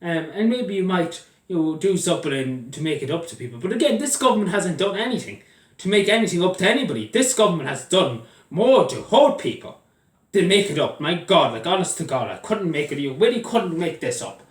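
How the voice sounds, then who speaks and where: An Irish man in full heated rant, cursing freely and circling back over the same points. His voice moves a lot in pitch as the anger builds. He sounds a little off the mic, with an echoey room around him. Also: sing-song, brisk, far from the mic. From Ireland. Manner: heated, swearing, repeating himself. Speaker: vlogger. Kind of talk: angry political rant.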